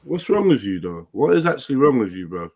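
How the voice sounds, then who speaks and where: A man's voice: medium pitch, very animated, fairly quick, a little mellow. A man in casual chat, pressing someone hard with confrontational questions.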